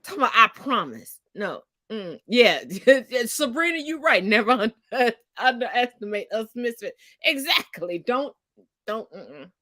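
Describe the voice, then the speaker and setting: Brash, high, lively woman in her forties. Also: unhurried, no room sound, clean studio sound. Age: 40s. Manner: brash, profane and teasing, swoops up loud when excited. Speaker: co-host. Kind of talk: loud casual live-stream banter.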